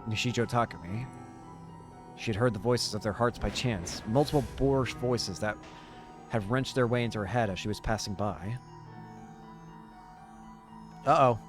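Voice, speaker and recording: Young man reading a visual novel aloud. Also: lowish voice. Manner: casual, reacting with quick exclamations. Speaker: game streamer.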